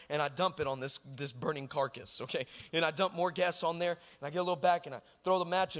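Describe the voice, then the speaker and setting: Texan preacher guy with a high voice, lively and storytelling, calls out to the crowd. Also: fast talker, few pauses, long reverb tail. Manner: animated, shouting at punchlines, conversational asides to the congregation. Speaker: pastor. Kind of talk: sermon with comic storytelling.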